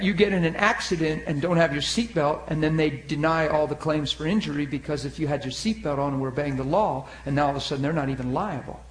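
A man preaches with animated storytelling in a fairly high voice, swinging between loud and hushed. His voice echoes in the room, with faint noise behind it. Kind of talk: sermon testimony storytelling.

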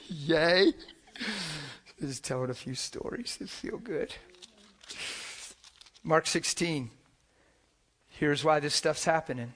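A man preaching with a somewhat high voice. He tells stories animatedly, jumping from near-shouts to hushed whispers and laughing as he talks. A lively, unpolished pulpit delivery. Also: slow, pauses often, a little hiss or hum. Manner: laughs while talking. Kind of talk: sermon with personal stories.

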